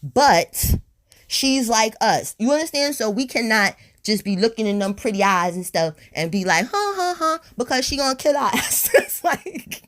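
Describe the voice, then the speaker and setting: A woman telling a storytime on her vlog in a blunt, profane, animated way, a little high and tipsy. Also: moderate pace. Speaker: storytime vlogger. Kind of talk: casual storytime monologue.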